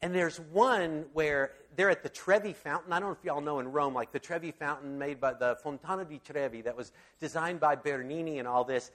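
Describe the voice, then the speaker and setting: A man's voice: a little high, fairly quick, few pauses, fairly bright tone. A man giving a casual, rambling Bible talk, enthusiastic and full of fillers and restarts. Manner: enthusiastic storyteller.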